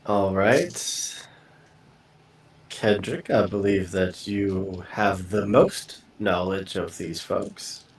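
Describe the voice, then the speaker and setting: Tabletop rpg guy thinking out loud, slow, kinda echoey room. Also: low voice. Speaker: tabletop player. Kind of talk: casual tabletop role-play talk.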